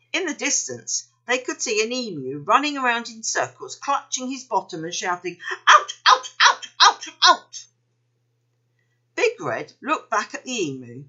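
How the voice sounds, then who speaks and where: A woman reading a children's story aloud in an expressive, unhurried way. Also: a little high, muffled recording.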